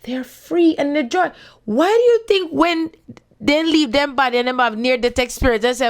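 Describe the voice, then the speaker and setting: A Jamaican woman with a high, expressive voice gives a casual spiritual talk at a moderate pace, playfully switching between patois and standard English in her Jamaican accent.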